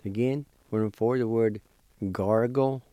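Slow, deliberate male language teacher. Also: mid-range voice, fairly even intonation, dark tone, no echo. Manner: slow, deliberate, spells letter by letter; encouraging. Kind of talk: slow spelling and pronunciation lesson.

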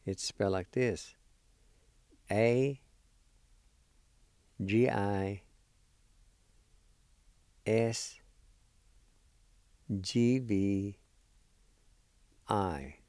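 A man teaching a language lesson, spelling words letter by letter and pronouncing them slowly and deliberately. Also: fairly low pitch, darkish tone, no echo, clean studio sound.

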